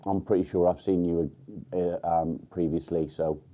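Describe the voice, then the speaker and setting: An English man hosting a casual livestream, chatting bluntly with viewers, swearing freely and filling pauses with ums. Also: low voice, fairly even intonation, warm tone. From England. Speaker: livestream host. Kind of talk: casual live chat with viewers. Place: outdoors by a field.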